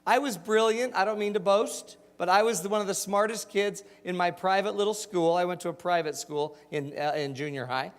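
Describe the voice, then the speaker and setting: Man, forties, motivational speaker, jokey storytelling, lively voice, fairly high, long hall reverb. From Utah. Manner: animated, jokey, asks the audience questions. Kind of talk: storytelling keynote talk.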